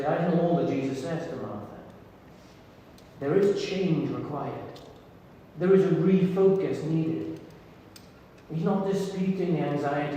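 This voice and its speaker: A man preaching a sermon as pastor, earnest and intimate, with soft pauses. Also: on the high side. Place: church hall. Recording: echoey hall from far off, faint noise.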